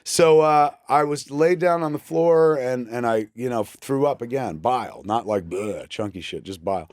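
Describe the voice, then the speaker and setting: A man's voice: medium pitch, normal speed, no echo. A man in his forties, a guest on a talk show, telling a story in casual, profane fashion and acting out what people said, recorded on a studio microphone. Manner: profane, animated storyteller who acts out quotes.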